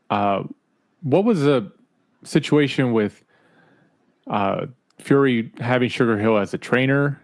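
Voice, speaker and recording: A man co-hosting a boxing podcast, asking questions in casual chat and often trailing off softly. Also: on the low side. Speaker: podcast co-host.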